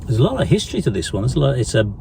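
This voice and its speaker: A man's voice: medium pitch, very animated, racing, vocal fry. A man from the UK vlogging his van trip, chatting casually with lots of fillers and restarts. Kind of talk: casual travel chat and voice-over. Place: outdoors in a French town. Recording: noisy outdoor sound.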